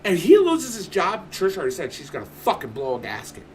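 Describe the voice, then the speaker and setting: A man's voice: sits high, huge pitch swings, fairly quick, noisy background. A man streaming from home, telling a story in casual chat, swearing constantly and ranting with animation.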